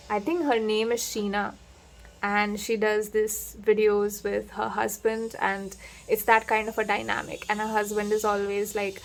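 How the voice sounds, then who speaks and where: A woman giving a casual tarot reading to camera, chatty and playful, laughing often and acting out little quotes. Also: mid-range voice. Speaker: tarot reader.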